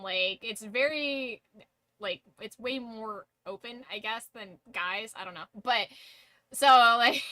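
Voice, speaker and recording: A woman's voice: on the high side, pushed and bright, no room sound. A woman streamer telling a story in casual talk to her live stream. She giggles often, swears freely and fills her talk with "like".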